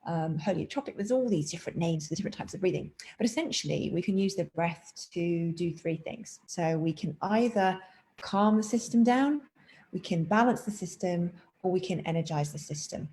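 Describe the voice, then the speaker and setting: The audio is poor, but the fairly low, mellow voice of a woman meditation teacher comes through as she chattily introduces a class on breathing from her home. Rain sounds outside, and she occasionally breaks off to speak to her cat.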